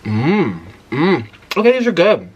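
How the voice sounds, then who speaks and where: Animated man telling a story while eating. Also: on the high side, unhurried, muffled recording, a little hiss or hum. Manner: animated, indignant retelling with mouth-full murmurs. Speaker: mukbang host.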